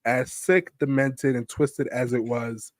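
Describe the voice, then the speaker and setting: A man with a mid-pitched voice chats on a late-night show, telling darkly funny stories and checking in with the listener after almost every point. The recording is dry and close. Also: steady tone, slow, no room sound. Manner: dark humor, repeats "you know what I mean". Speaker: guest. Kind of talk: casual late-night chat. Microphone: streaming podcast mic.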